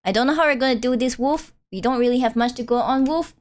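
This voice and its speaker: A woman's voice: a little high, fast talker, a little mellow. A woman streamer chatting casually and playfully with her live chat, teasing and giggling. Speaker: game streamer.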